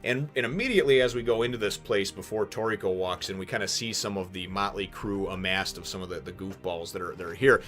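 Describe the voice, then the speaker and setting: A man hosting a casual manga chapter review, rambling with many fillers and restarts and sudden animated bursts. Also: low-pitched, fast, hardly any pauses, faint music behind.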